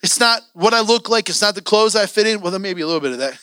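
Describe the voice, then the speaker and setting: A male preacher delivers an impassioned sermon in a church, urging his congregation on. His voice is high and bright, with a forceful edge. The sound is dry and close. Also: expressive, rapid-fire, smooth, dry recording.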